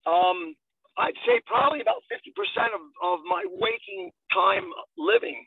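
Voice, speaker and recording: A slightly hoarse man speaking haltingly on a phone call while driving in traffic. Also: extremely high pitch, wildly swooping pitch. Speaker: coaching group member. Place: car in traffic. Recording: tinny phone line from a car.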